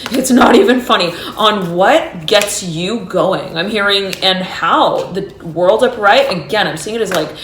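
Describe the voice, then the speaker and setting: A woman giving an intuitive tarot reading. She talks in a halting, meandering way and keeps saying she is "hearing" things between the cards. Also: mid-range voice, a bit bright, a little hiss or hum. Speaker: tarot reader and astrologer. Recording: roomy echo.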